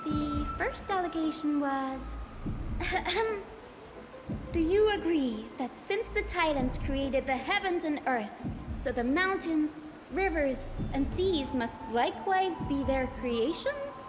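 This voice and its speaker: An actress voicing an earnest young woman in a fantasy game, recounting events in an animated storytelling way. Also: sits high, slow pace. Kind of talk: game character dialogue. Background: game music.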